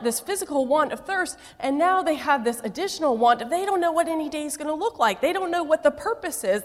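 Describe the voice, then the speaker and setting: Animated woman pastor preaching a sermon. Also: high voice, in a large hall. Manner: storytelling with playful asides.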